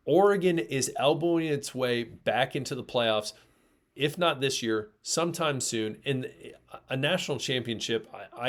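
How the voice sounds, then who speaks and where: A man from Michigan co-hosting a sports talk show, making emphatic points in casual conversation. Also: medium pitch. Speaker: sports podcast co-host.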